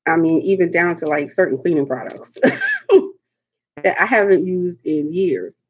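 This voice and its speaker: Young adult woman, mukbang host, playful and sassy, slow easy delivery, slightly dull lo-fi stream sound. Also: lowish voice, sing-song. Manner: sassy, playful, laughs often, endearments like honey and darling. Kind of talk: live-stream eating chat.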